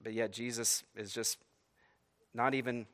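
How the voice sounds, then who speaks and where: Bright-voiced preacher acting out scripture. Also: male voice, mid-range voice, a little slow. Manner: animated, acts out pleading voices, frequent "right?". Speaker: pastor. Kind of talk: sermon.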